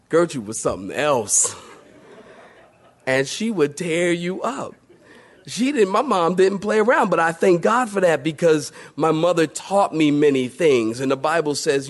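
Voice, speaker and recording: A man preaching a sermon in a lively storytelling manner, asking the congregation rhetorical questions. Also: sits high. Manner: animated, storytelling, acts out voices, rhetorical questions. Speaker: pastor.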